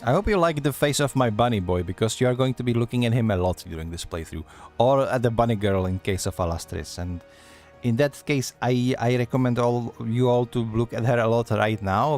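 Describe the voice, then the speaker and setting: A man's voice: medium pitch, darkish tone. Sarcastic chatty man streaming a game. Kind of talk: casual live-stream commentary.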